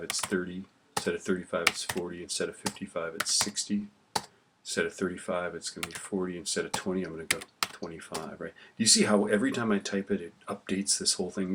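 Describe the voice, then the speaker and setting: Low-voiced man walking through a spreadsheet. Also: noisy background. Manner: casual, talks while typing, often tags "right?". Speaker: teacher. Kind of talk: screen-recorded spreadsheet tutorial. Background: keyboard clicks and typing.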